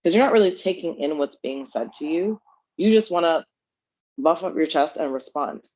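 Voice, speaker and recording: A man's voice: a little high, animated, normal speed, darkish tone, dry recording, lo-fi sound. A man with a Canadian accent co-hosting a podcast, speaking earnestly and repeating his points for emphasis. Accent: Canadian English. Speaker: podcast co-host. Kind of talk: casual podcast chat.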